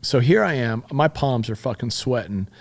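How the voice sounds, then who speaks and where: A man in his fifties talks as a podcast guest, recounting events in plain, heated, profane language. His voice sits at an ordinary middle pitch, and his manner is direct and unpolished. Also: animated, normal speed, gravelly. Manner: blunt and profane, retelling events with heat. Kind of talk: conversational storytelling.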